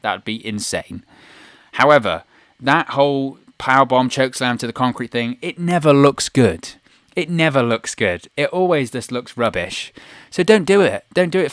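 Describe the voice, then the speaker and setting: A man's voice: mid-range voice, clear, resonant tone, dry recording. Opinionated man reviewing wrestling. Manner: opinionated, animated, acts out quotes in a raised voice. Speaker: wrestling news YouTuber. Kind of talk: solo commentary and review.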